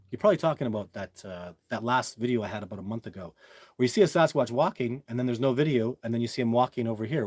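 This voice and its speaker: This man runs a laid-back livestream, fielding viewer questions with lots of emphasis and repetition while addressing everyone as "guys." His voice is medium in pitch, a little mellow and breathy, in a dry recording.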